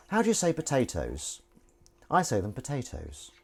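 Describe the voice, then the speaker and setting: A Southern English man hosts a casual livestream from his kitchen sink, rambling and joking as he reads out viewer messages. His pitch jumps around animatedly from phrase to phrase. Faint kitchen noise sits quietly under his voice. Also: wildly swooping pitch, normal speed, creaky. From England. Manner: rambling, jokey, reads chat aloud. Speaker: livestream host. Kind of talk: casual chat while washing dishes. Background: running water and clinking dishes.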